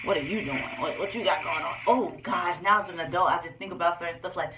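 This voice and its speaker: A young woman with a slightly low voice talks to her viewers about her own life in a candid, animated way. She sits a little back from the mic, and the room gives her voice a noticeable echo. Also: fast, recorded from a distance, background noise. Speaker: vlogger. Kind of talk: personal storytelling vlog.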